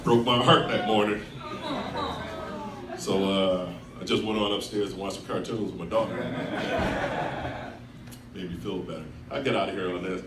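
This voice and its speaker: A stand-up comedian in his thirties tells a laid-back story on a club stage into a handheld mic, his deep voice steady at normal speed with long pauses. The recording sounds echoey and far off, with room noise and audience in the background.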